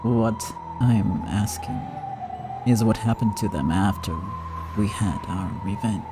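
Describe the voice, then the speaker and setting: A man voicing a cocky male crime boss who speaks slowly and mockingly, in a game playthrough. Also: on the low side, vocal fry, over loud music. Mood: menacing.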